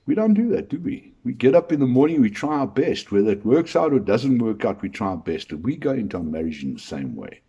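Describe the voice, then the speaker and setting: A man's voice: mid-range voice, expressive, fast, dark tone, husky. A male comedian delivering a rambling, crude stand-up monologue full of rhetorical questions.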